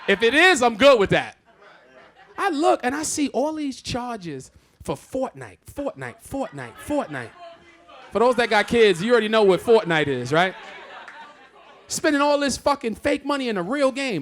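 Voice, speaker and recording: A man working a stand-up set on a theatre stage, his voice pitched high and swinging widely as he talks. He tells stories in a loud, exclamatory, profane way. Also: very animated, moderate pace. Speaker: stand-up comedian.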